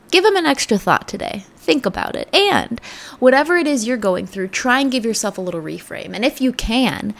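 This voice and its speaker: A woman hosting a podcast, giving an earnest, reflective motivational talk that sometimes drops to soft near-whispers. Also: mid-range voice. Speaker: podcast host. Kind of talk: motivational self-help talk.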